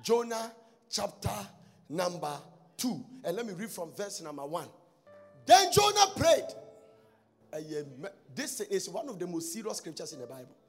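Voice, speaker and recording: A man preaching a sermon, breaking into sudden shouts and sing-song lines. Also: high voice, animated, moderate pace, faint music behind.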